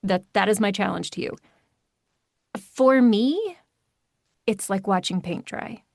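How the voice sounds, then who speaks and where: A woman audiobook narrator talking in a podcast interview, animated and emphatic with quick asides. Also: medium pitch, creaky, dry recording.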